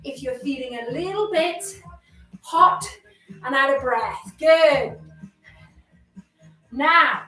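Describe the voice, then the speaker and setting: Very high-voiced lady fitness instructor, slow and encouraging, a bit puffed out, echoey room with faint music, sounds far from the mic. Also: expressive, pushed and bright. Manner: upbeat, encouraging, chatty with self-deprecating jokes. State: a bit out of breath while exercising. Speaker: exercise instructor. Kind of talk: live workout class instruction.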